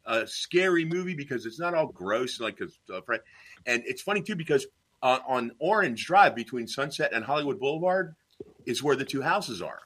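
Animated storytelling man, husky and bright. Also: mid-range voice, normal speed. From Tennessee. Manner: rambling, animated, many fillers and restarts. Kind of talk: casual anecdote telling.

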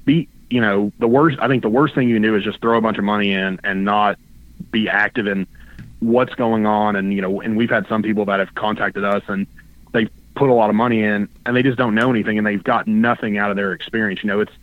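A man with a low voice talks over a tinny phone line. He gives earnest, halting advice as a guest on a casual interview. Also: fairly even intonation. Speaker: phone-in guest, racing stable owner.

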